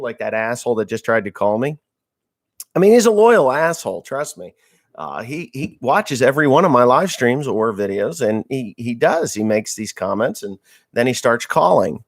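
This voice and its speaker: A man hosting a casual livestream from home, reading viewer comments aloud and joking crudely. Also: medium pitch. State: just woke up, a little slow. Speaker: livestream host.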